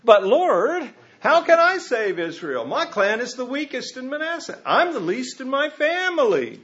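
Give me a sarcastic, doubting Israelite man, as a pastor puts him on, talking back in casual slang, high-pitched. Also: very animated, a little slow, fairly bright tone, full character voice. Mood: hesitant. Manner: incredulous, casual modern slang. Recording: muffled lo-fi recording.

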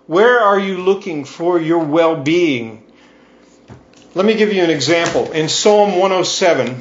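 A man giving a sermon to his congregation, reading scripture and earnestly repeating its refrains. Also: on the high side. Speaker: priest. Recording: echoey, dull lo-fi church recording.

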